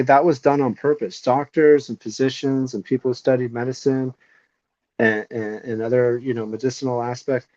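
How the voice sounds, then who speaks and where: A man's voice: mid-range voice, a little mellow, no room sound, dull audio. A man co-hosting a podcast, ranting casually with heavy swearing and strong opinions. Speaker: podcast co-host.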